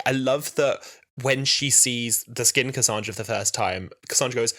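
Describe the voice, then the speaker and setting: Bright-voiced young man chatting about TV. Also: medium pitch, moderate pace. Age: 20s. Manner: animated, quotes scenes in character voices. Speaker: podcast co-host. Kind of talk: casual podcast chat.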